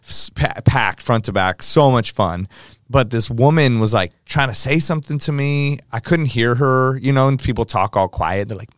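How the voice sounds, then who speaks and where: A man chats casually on a podcast, telling a story and acting out each person's quotes. His voice is smooth and resonant. The sound is close and dry, with no room to it. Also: fairly low pitch, no room sound. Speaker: DJ guest telling stories.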